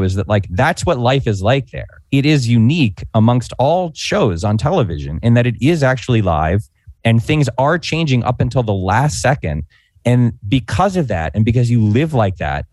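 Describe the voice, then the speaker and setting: Animated storytelling man, dry close sound. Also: mid-range voice, no room sound. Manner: animated, fast-paced anecdote with frequent "like" fillers. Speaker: podcast guest, former comedy writer. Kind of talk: storytelling in casual chat. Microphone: podcast microphone.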